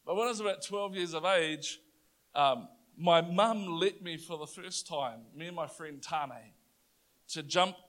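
A New Zealand man preaches a sermon, his voice sitting high for a man. He tells a story with animated, playful energy and climbs to loud, triumphant declarations. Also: a little slow.

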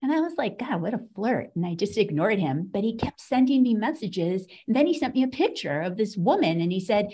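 A woman's voice: medium pitch, sing-song, a little fast, hardly any pauses, warm tone. A middle-aged woman from the United States, an author and podcast guest, telling a personal story with a sarcastic, wry edge.

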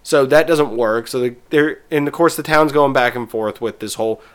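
A man's voice: mid-range voice, moderate pace, smooth. A man in casual chat, rambling through an episode recap with restarts and quoted bits.

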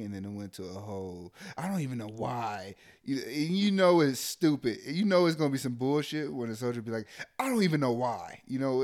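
A man's voice: lowish voice, darkish tone. A young adult man, an army sergeant, venting bluntly and profanely in casual chat.

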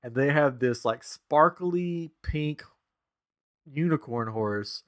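Speaking slowly in a fairly high-pitched voice, a thirty-something podcast co-host spins a lively family story in casual conversation. He laughs frequently and performs the quoted lines.

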